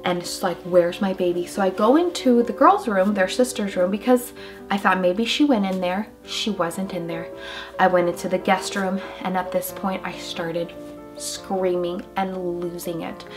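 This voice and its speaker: A young woman vlogging as a mother, telling a personal story in an emotional, halting way with many fillers. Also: medium pitch. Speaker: mom vlogger.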